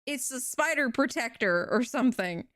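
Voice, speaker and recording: In a dry, clean studio recording, a woman voices a grudge-bearing alien man with urgency. Her pitch is fairly high and her tone fairly bright, with lively intonation at a moderate pace.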